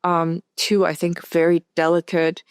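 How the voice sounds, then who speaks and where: A woman film director speaking as a guest in a casual interview, thinking aloud in a halting way with many restarts. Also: on the low side, little pitch movement, smooth, dry recording, studio quality. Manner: thoughtful, halting, full of "like" and restarts.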